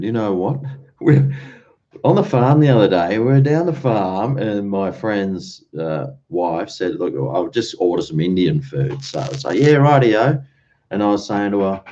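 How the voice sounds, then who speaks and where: A man's voice: fairly low pitch, lively intonation, normal speed, dark tone. An Australian man hosting a late-night livestream, rambling in an easygoing way and chuckling between thoughts, on dull lo-fi stream audio. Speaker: livestream host.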